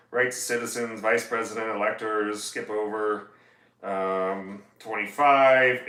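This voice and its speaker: Chatty man with a bright voice. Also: medium pitch, reverberant, low-quality recording. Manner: chatty, reads legal text aloud then jokes about it. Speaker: attorney hosting a livestream. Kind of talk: casual livestream talk. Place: home music room.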